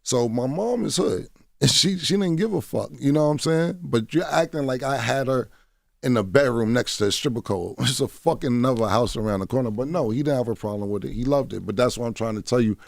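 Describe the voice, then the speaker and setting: A man's voice: medium pitch, fairly quick, creaky, no echo, studio quality. A man telling stories bluntly in a radio interview, swearing freely and often asking "you know what I'm saying.". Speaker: guest. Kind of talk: candid interview storytelling. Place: radio studio. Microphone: studio mic.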